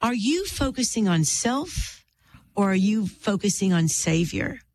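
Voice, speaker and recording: A middle-aged woman speaks at a mid-range pitch. She tells a personal testimony slowly and earnestly. She leans into each line with a preacherly warmth, and faint room ambience sits behind her. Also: sing-song, a little hiss or hum. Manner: earnest and heartfelt, drawn-out pauses, preacherly. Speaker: author and interview guest. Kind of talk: telling a personal story, faith testimony.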